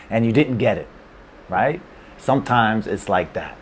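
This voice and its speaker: A man's voice: on the low side, expressive, measured pace, husky. A man giving a casual, playful language lesson, checking in with his listeners with frequent "okay?" and "right?". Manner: checks in with frequent 'okay?' and 'right?'; laid-back, playful. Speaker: language teacher.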